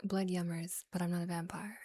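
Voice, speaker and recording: A woman streamer whispers softly close to the mic in a relaxed ASMR chat, rambling and giggling. Her voice is lowish and brisk, with no echo.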